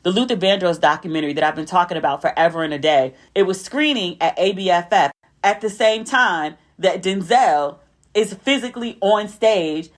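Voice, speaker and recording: A young adult woman hosting a podcast, telling stories in a casual chat and raising her voice to act out what people said. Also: fairly quick. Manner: chatty storytelling, acting out quotes with a raised pitch. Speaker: podcast host.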